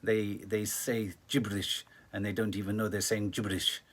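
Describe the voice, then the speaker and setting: Man voicing a tired grumbling leader impression, low husky mutter. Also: little pitch movement, moderate pace, close to an everyday voice. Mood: exasperated. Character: weary grumbling male world leader sitting with his bear.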